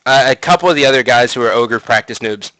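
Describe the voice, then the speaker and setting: A man's voice: medium pitch, fast talker, dry recording, rough recording. A man in his twenties, a gaming commentator, telling a long rambling story in casual chat, full of swearing and fillers like "like" and "you know.". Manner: profane, rambling, animated storytelling with many fillers. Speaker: gaming commentator podcast host.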